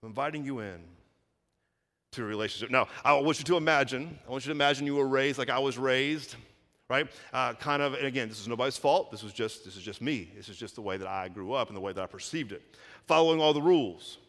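A man preaching a sermon as pastor, animated, acting out quoted voices and swinging between loud and soft. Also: medium pitch, quick pace. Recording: long reverb of a large hall.

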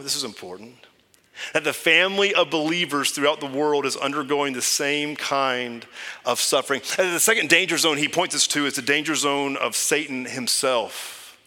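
A man preaching a sermon as pastor, conversational and earnest, shifting between loud emphasis and hushed, near-whispered lines. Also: a little high, big-room sound. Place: church sanctuary.

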